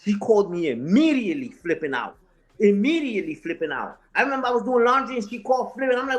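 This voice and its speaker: With an extremely high pitch, this man speaks fast and animatedly. An online content creator on as an interview guest, he answers a live chat in heated, unscripted, profane, and confrontational fashion, hammering phrases through repetition.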